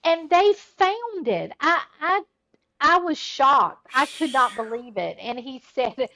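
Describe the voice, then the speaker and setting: A woman's voice: high voice, expressive, slow pace, pushed and bright, slight background noise. A woman co-hosting a casual chat show, telling a long story, laughing often and repeating words as she goes. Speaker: podcast co-host.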